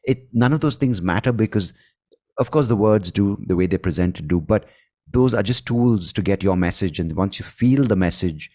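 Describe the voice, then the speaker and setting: A man with an Indian accent and a very low voice hosts a conversational interview. He speaks thoughtfully, pausing and correcting himself mid-sentence. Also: animated, darkish tone. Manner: thoughtful, halting, self-correcting. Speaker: podcast host.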